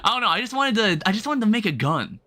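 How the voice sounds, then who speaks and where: Brief: male streamer, high, bouncy voice, rambling casual chatter while gaming. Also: very animated, fast talker, pushed and bright. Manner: rambling, self-correcting, chatting with viewers; casual, swears lightly. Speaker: livestreamer. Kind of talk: casual gameplay commentary.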